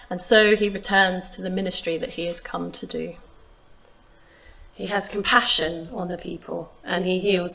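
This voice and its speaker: A woman preaching a sermon, retelling a Bible story in a measured, expressive way. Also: mid-range voice. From England. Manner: measured, expressive reading of scripture.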